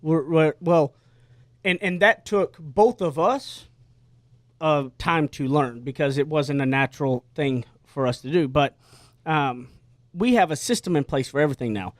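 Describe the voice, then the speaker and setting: A man's voice: fairly high pitch, unhurried, dry recording, studio quality. A man hosting a casual radio talk show, telling stories with lots of energy and frequent restarts. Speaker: host.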